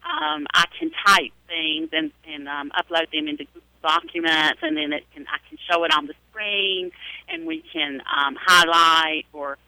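A Southern-accented woman talks about her teaching work in a live radio interview, hesitating often with fillers. Her voice is very bright, and it sounds dry and close. She is recorded live at a public library. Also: fairly low pitch, very animated, moderate pace, creaky, clear, resonant tone, no echo, low-quality recording. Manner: chatty, many hesitations and fillers. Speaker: adult literacy and ESL teacher.

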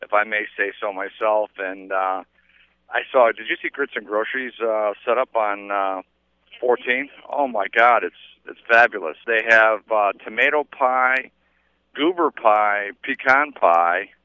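Eager low-voiced man on a phone line. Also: a little slow, smooth, no echo. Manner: enthusiastic, rambling, with many fillers. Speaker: tournament organizer. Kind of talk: live on-air interview. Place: outdoors at a golf tournament. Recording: tinny phone-line audio.

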